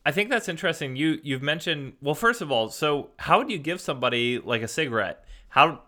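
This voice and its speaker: A man's voice: fairly high pitch, lively intonation, brisk, bright, forceful tone. A man hosting a podcast, asking a guest curious follow-up questions. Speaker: podcast host. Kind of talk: interviewing.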